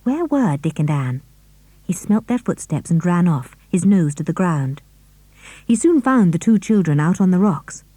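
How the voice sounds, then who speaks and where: A woman narrates a children's story with expressive, animated delivery. Her voice is low and mellow. The recording is dry and close. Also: moderate pace, no echo. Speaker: audiobook reader.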